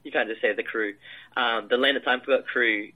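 A man's voice: mid-range voice, steady tone, fairly quick, highs cut off. A man, a film director, describing his shoot in a casual interview, rambling with many fillers and restarts.

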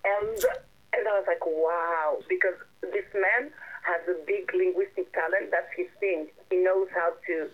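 A woman's voice: lowish voice, steady tone. Woman filmmaker, tinny phone line, keeps restarting and hunting for words. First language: French. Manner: halting, searching for English words, many restarts. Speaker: filmmaker and director. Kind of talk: interview answers.

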